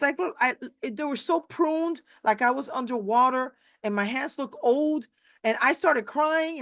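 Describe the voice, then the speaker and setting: A woman's voice: sits high, expressive, moderate pace, creaky, a bit bright, dry recording. Chatty middle-aged woman on a dry video call. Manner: chatty, rambling, with many restarts and acted-out quotes. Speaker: host. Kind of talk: casual chat on a live video interview.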